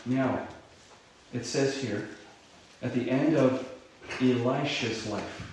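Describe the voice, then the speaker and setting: A man's voice: mid-range voice, takes it slowly, darkish tone, a little hiss or hum. A male pastor preaching a sermon in a loose, conversational way, with many fillers and restarts, rising sharply when he voices dramatic cries. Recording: very echoey room, voice far from mic.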